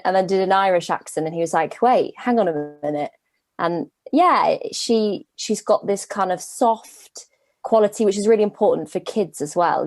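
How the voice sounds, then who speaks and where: An actress answering interview questions about her role over a video call, chatty and lively, laughing now and then. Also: on the low side, no room sound. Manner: lively, laughs while explaining.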